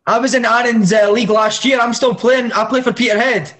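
A man's voice: very high voice, steady tone, a little fast, fairly bright tone. A man who plays football, chatting and teasing his friend in casual banter. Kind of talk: casual chat.

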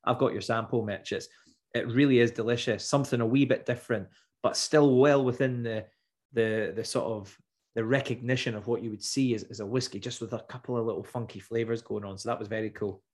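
A man's voice: medium pitch, a little fast. Man co-hosting a podcast. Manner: relaxed, stammers on restarts. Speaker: podcast co-host. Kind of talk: casual chat.

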